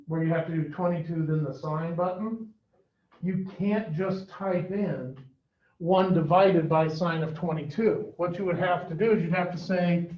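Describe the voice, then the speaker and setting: High-voiced man teaching in an echoey classroom. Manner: questioning, coaxing students for answers. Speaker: math teacher. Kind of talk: classroom lesson. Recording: echoey, distant, dull classroom recording.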